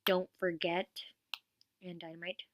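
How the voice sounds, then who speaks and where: A woman's voice: lowish voice, little pitch movement, measured pace, dry recording, muffled recording. A teenage girl vlogging about a concert in a gushing, rambling way, full of "like" fillers, sometimes dropping to a whisper. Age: teens. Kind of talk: casual vlog chat.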